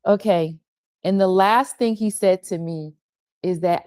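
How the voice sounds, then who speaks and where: A woman's voice: mid-range voice, a little slow, darkish tone, no echo, studio quality. An older woman pastor giving a tender, confessional devotional talk on a livestream, repeating phrases for emphasis. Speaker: pastor and women's ministry leader. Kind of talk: heartfelt devotional teaching on a livestream.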